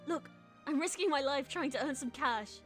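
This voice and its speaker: A woman's voice: high voice, moderate pace, soft background music, natural voice. A woman voicing a brash scavenger from a game, speaking in a raised, indignant voice. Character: brash, pushy scavenger arguing for cash.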